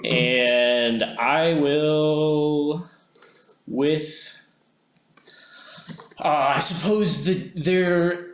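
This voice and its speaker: A man playing a tabletop game, talking slowly and hesitantly as he works out the rules aloud. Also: on the high side, fairly even intonation, fairly bright tone, reverberant. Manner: slow, hesitant, thinking aloud over rules. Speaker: player. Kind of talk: tabletop game play, casual.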